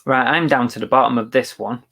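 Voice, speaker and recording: A chatty man co-hosts a casual livestream and reads viewer comments aloud. His voice sits at a middling pitch for a man. He thinks aloud, agrees easily and restarts his sentences as he goes. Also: fairly quick, vocal fry, bright, forceful tone. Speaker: co-host of a live reselling show. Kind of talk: casual live-stream chat, reading viewer comments.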